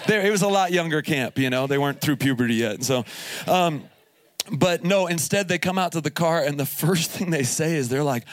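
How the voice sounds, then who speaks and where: A man's voice: fairly high pitch, a little fast, no room sound. A male pastor preaching live at a camp service, telling funny stories and laughing as he goes. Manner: jokey, laughs through his stories. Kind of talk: humorous storytelling sermon.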